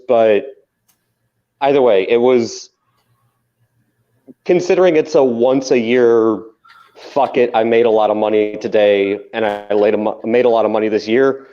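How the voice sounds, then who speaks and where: A man's voice: medium pitch, mellow. Profane, insistent man on a dull line. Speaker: podcast co-host. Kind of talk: casual chat. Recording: dull lo-fi sound.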